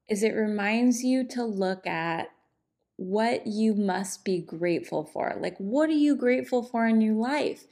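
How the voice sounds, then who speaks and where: A middle-aged woman hosting a podcast, talking off the cuff in a relaxed, chatty way, with many fillers, into a microphone. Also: mid-range voice. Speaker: podcast host and divorce coach.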